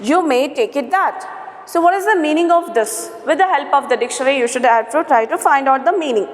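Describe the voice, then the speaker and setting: A woman's voice: high-pitched, lively intonation. A woman, teaching a grammar lesson, repeating words and saying "okay" often. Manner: slow, repetitive, spells out syllables, frequent "okay". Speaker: English teacher. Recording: roomy echo with long reverb.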